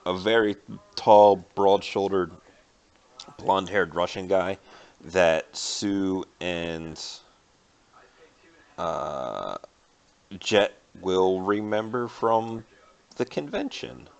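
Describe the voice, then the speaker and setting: A man running a tabletop game as game master, explaining rules and narrating scenes in a relaxed, rambling way. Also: low voice, extremely slow, creaky, long pauses.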